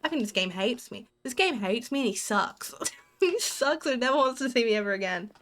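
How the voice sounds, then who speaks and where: An Australian woman streaming a horror game live. Her voice sits a little high, and she jumps between squeals, giggles and muttered asides to herself. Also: lively intonation, brisk, fairly bright tone. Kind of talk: live gameplay commentary.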